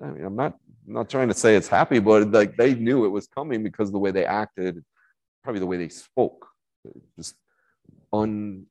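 A man's voice: lowish voice, a little mellow, low-quality recording. A man preaching a conversational sermon, talking in a casual, rambling way with many fillers and restarts. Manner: casual, rambling, with frequent fillers and self-corrections. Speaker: Bible college teacher preaching.

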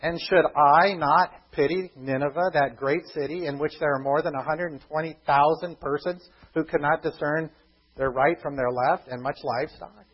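Preacher, male, higher-pitched and husky, animated storyteller, muffled lo-fi sound. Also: moderate pace. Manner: animated storytelling, acts out the characters' thoughts. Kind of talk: sermon.

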